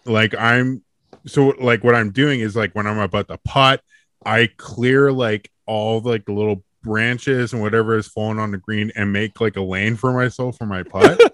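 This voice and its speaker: A man's voice: fairly low pitch, steady tone, moderate pace, a bit bright, no room sound, clean studio sound. A man casually telling a profane, laughing story on a comedy chat show.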